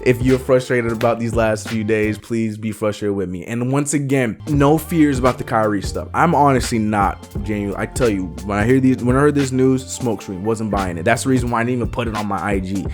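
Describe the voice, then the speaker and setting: A man's voice: mid-range voice, fairly quick, hardly any pauses, music in the background. Emphatic man ranting about basketball. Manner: animated, emphatic, drags words out for emphasis. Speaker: sports channel host. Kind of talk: ranting sports vlog.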